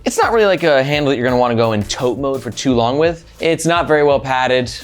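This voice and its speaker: A man's voice: medium pitch, lively intonation, fast, faint music behind. A man hosting a casual backpack review vlog, upbeat and chatty with lots of "like" and "right?". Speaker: gear reviewer, channel host.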